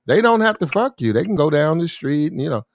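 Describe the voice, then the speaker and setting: A man's voice: on the high side, very animated, quick pace. A man co-hosting a casual chat, laid-back and agreeable, telling stories.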